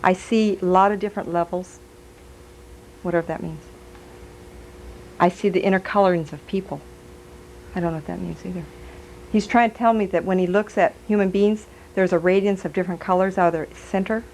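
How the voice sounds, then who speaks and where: A woman's voice: on the low side, fairly even intonation, brisk, pauses often, a little mellow, slight background noise, low-quality recording. Chatty, giggly woman psychic medium. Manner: chatty, giggly, relays messages aloud. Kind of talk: live stage reading.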